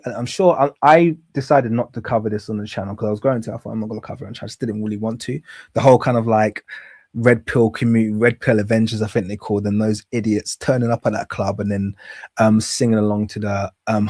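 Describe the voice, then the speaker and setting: A man's voice: fairly low pitch, fairly even intonation, fairly quick, a little mellow, dry recording. Man, commentary host, sarcastic, rambling, dry close sound. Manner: sarcastic, rambling, laughs at his own jokes. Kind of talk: casual commentary on clips.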